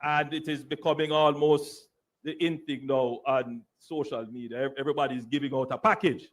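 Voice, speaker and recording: A man giving a measured, earnest public speech. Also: mid-range voice, steady tone.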